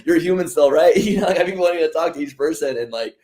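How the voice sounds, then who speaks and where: This podcast co-host has a slightly high voice and a fast delivery. He keeps the casual discussion going with animated storytelling and plenty of laughter.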